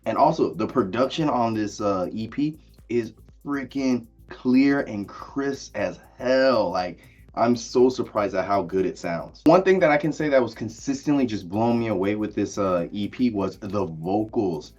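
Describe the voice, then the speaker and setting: A man's voice: on the low side, animated, a little slow, darkish tone, slightly rough, muffled recording. An enthusiastic man giving a casual spoken music review, with plenty of "like" and "uh" fillers. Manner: enthusiastic, lots of likes and uhs. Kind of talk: casual video album review.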